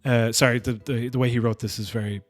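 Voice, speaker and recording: A man hosting a casual podcast, talking in an animated, mocking way and swearing often. His voice sits at an ordinary middle pitch. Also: quick pace, faint music behind. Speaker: podcast host.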